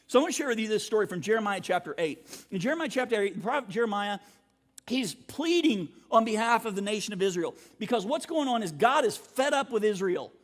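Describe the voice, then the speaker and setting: A man preaching a sermon as pastor, talking in a casual, conversational way and clearing his throat now and then. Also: high-pitched. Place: church sanctuary. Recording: long church hall reverb.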